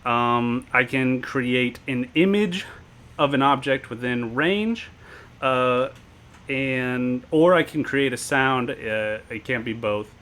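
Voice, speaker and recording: A man chatting casually as a player in a tabletop game, thinking aloud as he works through his turn. His voice is bright and forward, with a playful edge. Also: mid-range voice, slow. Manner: playful, thinks aloud while planning moves. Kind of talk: casual chat.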